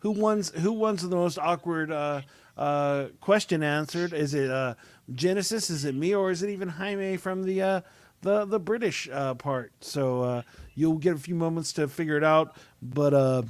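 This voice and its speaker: A man's voice: a little high, normal speed, no echo. Rambling man hosting a podcast. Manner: rambling, hesitant, lots of uh and um. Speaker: podcast host. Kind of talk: casual chat.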